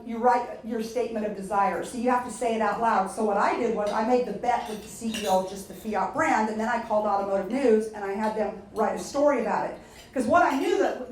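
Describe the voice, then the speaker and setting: A woman's voice: fairly high pitch, slight background noise. Woman speaker, echoey room, far mic. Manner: lively storytelling, direct questions to audience. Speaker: keynote speaker. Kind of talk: motivational speech. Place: luncheon event hall.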